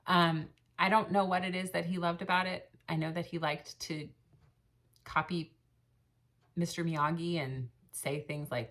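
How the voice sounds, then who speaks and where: A woman's voice: low voice, steady tone, measured pace, long pauses, a bit bright. A woman in her thirties talking through her stitching plans and a fundraiser in a casual, rambling vlog, with many ums and restarts. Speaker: cross stitch vlogger and shop owner. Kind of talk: casual chat.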